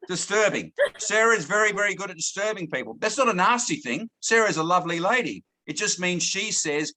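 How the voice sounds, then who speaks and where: Bright-voiced man giving a sales talk. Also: sits high, lively intonation, a little fast, few pauses. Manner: repeats words, checks in with "okay?". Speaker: sales trainer. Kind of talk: training talk to a sales team. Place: lives in Thailand, now in Australia.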